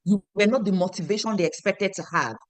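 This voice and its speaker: A woman's voice: mid-range voice, a little fast, no echo. A woman, leading a motivational training for her team, emphatic and repetitive, quizzing her listeners.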